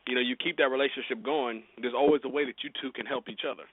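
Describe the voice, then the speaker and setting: A man's voice: mid-range voice, fairly even intonation, fast, narrow, tinny audio. A man hosting a casual talk show, giving joking, rambling advice on promoting music, often laughing. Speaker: podcast host.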